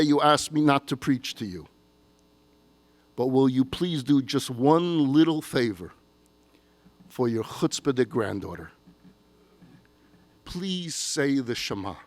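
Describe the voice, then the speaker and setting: A loving young granddaughter pleads in a gentle, soft-spoken way, as a man puts her on. The voice stays at a plain middle pitch with no real shift.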